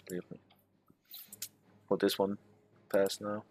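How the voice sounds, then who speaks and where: A man's voice: fairly low pitch, fairly even intonation, moderate pace, husky. A man giving casual gameplay commentary, reading game text aloud with muttered, swearing asides. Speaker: strategy game let's player.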